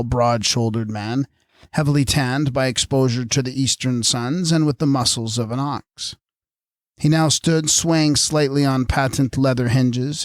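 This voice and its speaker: A man's voice: medium pitch, dry recording. Man reading a story, close and dry. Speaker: audiobook narrator. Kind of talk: scripted narration.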